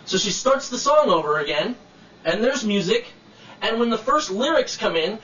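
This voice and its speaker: Indignant man with a high voice venting to camera, swearing, in a roomy room with the mic set away. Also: animated, normal speed, sharp tone, recorded from a distance, lo-fi sound. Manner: indignant, blunt, swears freely. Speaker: vlogger telling a personal complaint. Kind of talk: casual video rant to camera.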